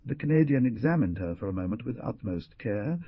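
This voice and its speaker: A man's voice: a little fast, breathy edge, dry recording, phone-quality sound. A man narrating a classic western novel as an audiobook, telling it expressively. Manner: expressive storytelling with wide pitch swings. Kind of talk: scripted narration.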